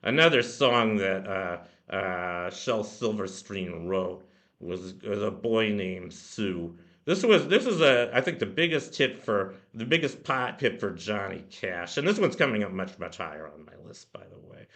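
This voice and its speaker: A man's voice: on the low side, lively intonation, a little slow, fairly bright tone. A man hosting his own music feature in a casual, rambling way, full of fillers and restarts, speaking into a home computer microphone. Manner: rambling, many "you know" fillers. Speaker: music blog host. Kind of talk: casual spoken song commentary.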